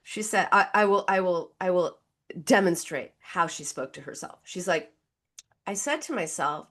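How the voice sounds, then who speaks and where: A woman guest, a therapist, giving conversational advice in an animated way and acting out the voices she quotes. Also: fairly low pitch, normal speed. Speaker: psychotherapist guest.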